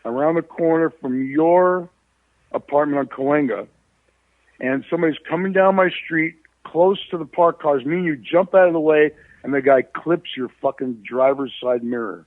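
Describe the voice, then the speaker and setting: A man in his sixties from New York, hosting and telling a story casually, swearing freely and shouting exclamations. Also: on the high side, moderate pace, dry recording. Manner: profane, animated, shouts exclamations. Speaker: host. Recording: tinny phone-line sound.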